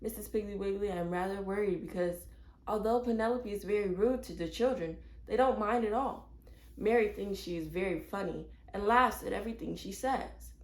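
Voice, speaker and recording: Woman reading a worried mother, polite, fretful, storybook, medium pitch, echoey room. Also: normal speed, close to an everyday voice. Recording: roomy echo.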